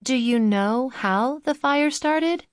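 A persistent, probing young woman, voiced by the audiobook narrator, asking question after question in a lifted, earnest voice. She holds steady and never lets the point drop. The sound is dry and close. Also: high-pitched, takes it slowly, dry recording, voice pushed up. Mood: insistent.

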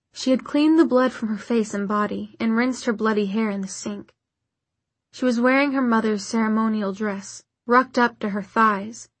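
A woman narrating a novel in a measured, even storytelling manner. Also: fairly high pitch, no room sound. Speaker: audiobook narrator. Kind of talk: scripted narration.

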